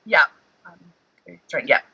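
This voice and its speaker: A man, a guest telling animated stories in casual chat, heavy on the word "like". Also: takes it slowly, no room sound, highs cut off. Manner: excitable, animated storyteller, fillers like "like". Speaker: guest, former reality show contestant.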